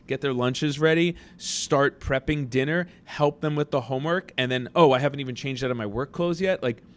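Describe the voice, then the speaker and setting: A man's voice: on the high side, smooth. A middle-aged man hosting a casual podcast chat who works as a teacher and acts out quoted thoughts in little voices.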